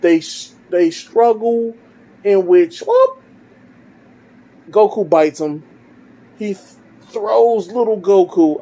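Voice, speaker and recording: A man's voice: a little high, dark tone. A man casually telling his own fan story, rambling as he goes. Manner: rambling, with fillers and restarts.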